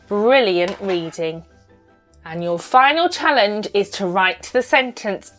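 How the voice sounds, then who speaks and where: Slow, encouraging phonics teacher. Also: female voice, medium pitch, animated, soft background music. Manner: slow, exaggerated sounding-out of words; bright, encouraging praise. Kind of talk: teaching a phonics lesson to young children.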